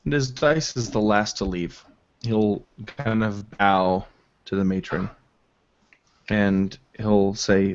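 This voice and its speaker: A man with a lowish voice at a tabletop game, casually narrating his character's actions. The recording is dull and lo-fi. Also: steady tone, slow pace. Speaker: player.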